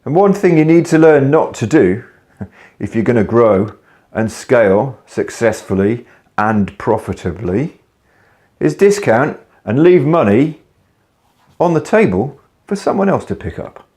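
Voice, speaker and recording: A man's voice: mid-range voice, lively intonation, measured pace, darkish tone. A man, a business coach telling a story to camera in a casual, blunt way with some swearing. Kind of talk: casual video talk to camera.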